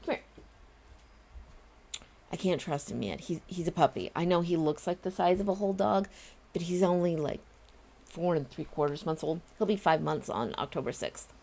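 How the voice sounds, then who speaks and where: Earnest, emphatic woman with a mellow voice. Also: on the low side, moderate pace, vocal fry, long pauses. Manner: emphatic, earnest, talks straight to viewers. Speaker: vlogger and home confinement advocate. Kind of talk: casual direct-to-camera vlog.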